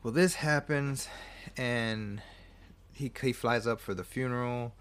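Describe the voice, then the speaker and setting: A man's voice: mid-range voice, slow pace, fairly bright tone, clear, resonant tone. A man casually recapping a film plot, rambling, swearing freely and often correcting himself. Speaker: movie reviewer.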